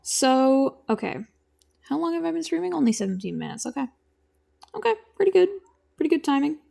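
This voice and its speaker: A woman's voice: high-pitched, very animated, fairly quick, creaky, warm tone. A young woman streaming from home, chatting casually and rambling as she answers her chat while she draws. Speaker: streamer and animator.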